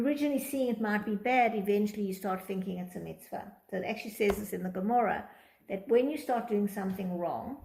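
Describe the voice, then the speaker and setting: A woman's voice: medium pitch, creaky, darkish tone, slight background noise. A woman teaching a Torah psychology class, reading from a text and explaining it, acting out quoted thoughts in different tones. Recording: echoey room.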